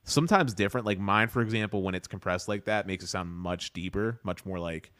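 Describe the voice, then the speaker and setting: A man's voice: deep voice, brisk, fairly bright tone, dry recording, studio quality. A man chatting casually on a podcast, leaning heavily on "like". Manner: casual, heavy use of "like".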